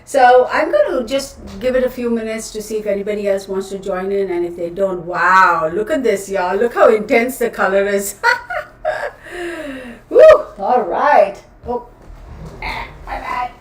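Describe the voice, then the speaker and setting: Hosting a relaxed tarot livestream, this woman rambles chattily and keeps laughing at her own remarks. She speaks at medium pitch with lively intonation and a measured pace, and the camera audio sounds distant and roomy.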